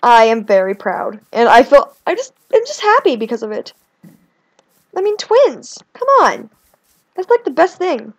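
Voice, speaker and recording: Chatty high-voiced young woman gamer. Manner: chatty and rambling, quick swings between whiny and excited. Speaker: gaming video creator. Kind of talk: casual let's-play commentary.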